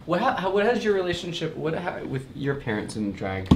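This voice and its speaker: A man's voice: a little high, very animated, fairly quick, roomy sound, very noisy. A man hosting, asking a drag queen questions in a chatty, curious way. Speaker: host. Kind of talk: casual interview chat.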